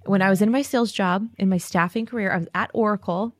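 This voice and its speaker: A woman guest in her thirties telling a story in a casual chat, animated and acting out other people's lines. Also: medium pitch, fast, dry recording, clean studio sound. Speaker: podcast guest.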